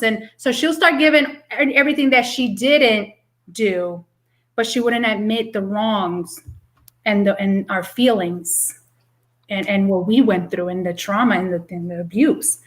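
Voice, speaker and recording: A woman's voice: medium pitch, measured pace, fairly bright tone, low-quality recording. A middle-aged woman in casual podcast chat, candidly telling stories with quoted back-and-forth dialogue.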